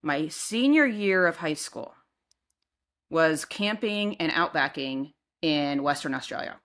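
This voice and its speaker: A middle-aged woman co-hosting a podcast, telling a personal story in casual chat and acting out what she shouted back then. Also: sits low, slow pace. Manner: animated storyteller, acts out her own past shouts. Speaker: podcast co-host.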